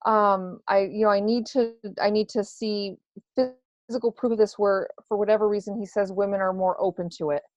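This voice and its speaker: A woman's voice: medium pitch, steady tone, a little fast, dry recording. A woman who works as a psychic medium, answering questions in a casual interview, hesitant and full of fillers. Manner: hesitant, many fillers and restarts. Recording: dry, dull lo-fi sound.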